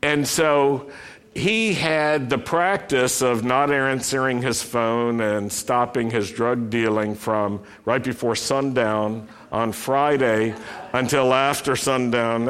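A man preaching a sermon, speaking deliberately and lifting his voice when he reads a passage aloud. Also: mid-range voice, a bit bright, clear, resonant tone. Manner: slow, deliberate delivery with emphatic rising quotations.

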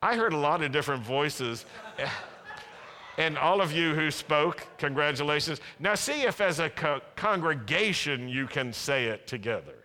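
A man's voice: a little high, animated, moderate pace, sharp tone. A man preaching a sermon as pastor, asking the congregation to answer him. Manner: preaching, asks the congregation to respond. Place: large worship hall. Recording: long hall reverb.

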